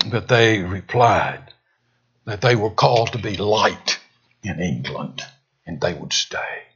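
Male preacher, sermon, slow deliberate delivery, husky tone, dull lo-fi recording, dramatic swings from loud to hushed. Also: lowish voice. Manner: dramatic, swinging from loud emphatic peaks to hushed near-whispers. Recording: dull lo-fi sound.

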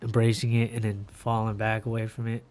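A man with a warm, mellow voice chats on a podcast. He is laid-back and agreeable, with slang-heavy talk. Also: lowish voice, monotone, fairly quick, a little hiss or hum. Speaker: podcast co-host. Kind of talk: casual chat.

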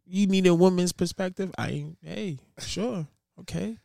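A man co-hosts a laid-back podcast, telling animated stories and acting out what others said. His voice is gravelly and a little high. The recording is dry and close. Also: moderate pace, no echo. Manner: animated storyteller, acts out quotes. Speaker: podcast co-host. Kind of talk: casual chat.

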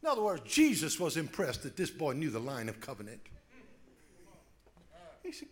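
A man pastor preaching a sermon with call-and-response, dropping soft then rising to shouts. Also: on the high side, huge pitch swings, normal speed, pauses often. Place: church sanctuary.

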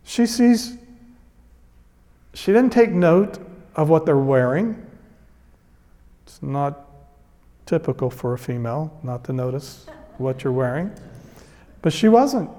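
A man's voice: on the high side, expressive, takes it slowly, long pauses, dark tone, long reverb tail. A man preaching a sermon as a pastor, retelling a scripture story in an earnest, emphatic way.

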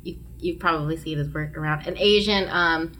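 A woman's voice: low-pitched, a little fast, fairly bright tone, a little hiss or hum. A woman hosting a casual podcast, chatting loosely with lots of ums and likes. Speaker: podcast host. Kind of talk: casual chat.

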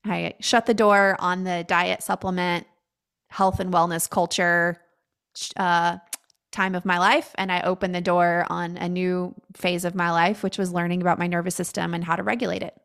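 A woman with a somewhat low-pitched voice talks as a guest on a podcast. Her delivery is casual and blunt. She uses plenty of fillers. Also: flat delivery, moderate pace, creaky, fairly bright tone, clean tone. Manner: candid and blunt, with frequent fillers. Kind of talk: casual conversational chat.

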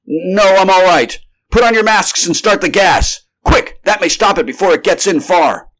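A man's voice: lowish voice, fairly quick, natural voice. A man voicing a commanding scientist. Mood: urgent. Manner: urgent, clipped commands. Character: commanding middle-aged male scientist leading a monster hunt.

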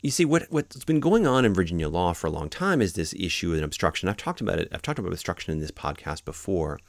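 Low gravelly man explaining law. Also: expressive, fast, no echo, clean studio sound. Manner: conversational, explains step by step with examples. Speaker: podcast host explaining court cases. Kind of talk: informal legal lecture.

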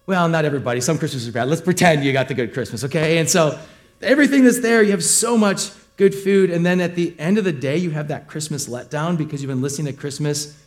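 A middle-aged male pastor giving a sermon in a conversational, joking way, with lively acted asides. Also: fairly high pitch, fast talker.

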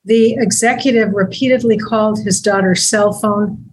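Woman, deputy district attorney, measured and grave delivery, faint background noise. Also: mid-range voice, steady tone, darkish tone, poor audio. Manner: measured, reads aloud slowly and gravely. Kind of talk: public-service talk segment.

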